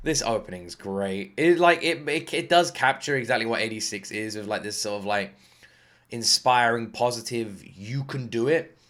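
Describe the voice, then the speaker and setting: A man hosting an anime reaction video, talking in a rambling, excitable way, swearing freely and fighting off a lingering cough. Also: mid-range voice, normal speed. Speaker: anime reaction channel host. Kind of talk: casual reaction commentary.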